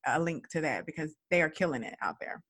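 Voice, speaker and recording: Brief: chatty host, upbeat and teasing, middle pitch. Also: fast talker. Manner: lively, chatty, playful. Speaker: podcast host. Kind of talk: podcast interview.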